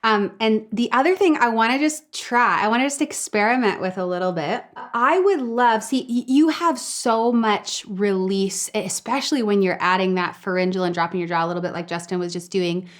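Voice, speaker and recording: A woman vocal coach hosting a live online singing lesson, praising students and handing over to a colleague in a relaxed, conversational way. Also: medium pitch, moderate pace, few pauses.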